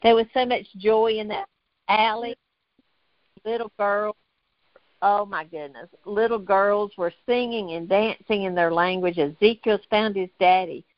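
A woman's voice: mid-range voice, a little slow, no echo, highs cut off. An older woman from North Carolina tells an emotional faith story as a guest on a talk show. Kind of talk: testimony in a faith talk interview.

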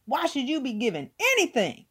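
A woman's voice: sits high, huge pitch swings, fairly quick, fairly bright tone, breathy edge. A woman giving an emphatic motivational talk, hammering points home with repeated words. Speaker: motivational speaker.

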